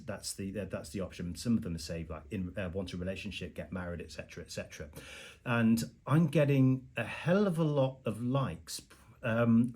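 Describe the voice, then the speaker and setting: Husky low-voiced guy in his forties, chatting on a podcast, lots of ums. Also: darkish tone. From England. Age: 40s. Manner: measured, with frequent ums and fillers. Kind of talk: casual chat.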